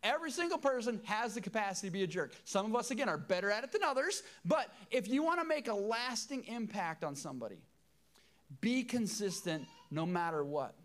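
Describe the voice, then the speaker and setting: Middle-aged male pastor, emotional and emphatic sermon delivery, somewhat high-pitched voice. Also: big pitch swings, brisk. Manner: emotional, emphatic preaching with repeated phrases.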